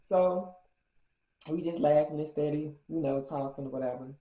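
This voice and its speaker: A young woman telling a funny story in a casual, animated way, slipping into her friends' voices. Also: deep voice, moderate pace. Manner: animated, acts out quoted friends in slangy speech. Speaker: storytime vlogger. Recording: roomy, slightly dull sound.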